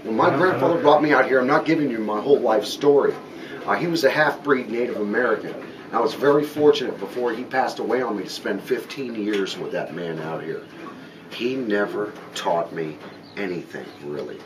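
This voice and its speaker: A man's voice: fairly low pitch, moderate pace. A man in his forties with a Southern US accent, an airboat tour captain telling a story to passengers in a folksy, joking, dramatic way. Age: 40s. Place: outdoors on an airboat in the swamp. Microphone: tourist's camera some distance away. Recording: distant voice with outdoor noise.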